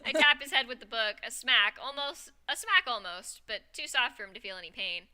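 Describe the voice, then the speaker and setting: A woman narrating a story in a live reading, lively and giggly, with off-script asides. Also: a little high, a little fast, smooth.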